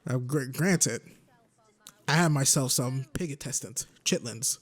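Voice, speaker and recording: A man's voice: medium pitch, unhurried, a bit bright. A man in his twenties rambling and joking as he commentates a video game. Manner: rambling, joking, talks to himself. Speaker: gaming YouTuber.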